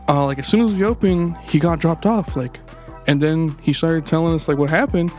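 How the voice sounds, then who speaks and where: A man's voice: a little high, normal speed, darkish tone, faint music behind. Profane rambling man telling stories. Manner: rambling, profane, filler-heavy storytelling. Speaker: podcast co-host. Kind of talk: casual storytelling chat.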